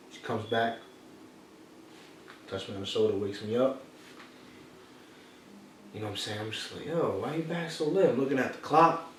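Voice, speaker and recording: A man hosting a motivational podcast tells a personal story, repeating his key phrases the way a preacher would. His mid-range voice is caught on a distant mic in an echoey room, off-mic, with faint noise.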